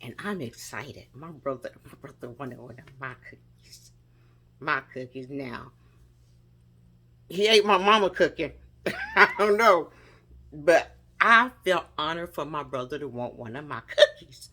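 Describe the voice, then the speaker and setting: A woman telling a funny childhood story, animated and laughing often as she goes. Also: sits low, measured pace, long pauses. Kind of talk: storytelling a personal memory.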